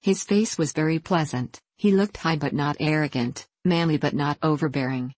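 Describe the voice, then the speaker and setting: A woman with a low voice reads a classic novel aloud in a measured, deliberate way. The sound is dry and close, with no room around it. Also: a little mellow, dry recording, rough recording. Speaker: audiobook narrator. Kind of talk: scripted narration of a classic novel.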